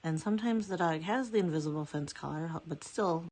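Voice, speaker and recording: Low-voiced chatty woman vlogger. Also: brisk, darkish tone. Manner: chatty, rambling, self-correcting. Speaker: nail art vlogger. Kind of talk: casual chat.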